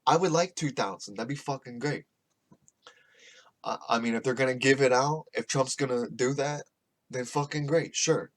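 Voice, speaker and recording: A man in the middle of a loose podcast rant, swearing constantly and drifting from point to point. His tone is sarcastic and offhand, with an ordinary mid-pitched voice. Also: a little fast. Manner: profane, rambling, sarcastic. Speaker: podcast host. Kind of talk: casual rant.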